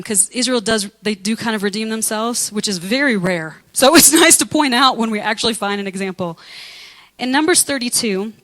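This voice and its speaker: A woman pastor preaching a lively, conversational sermon, acting out biblical figures with humor. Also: medium pitch, poor audio.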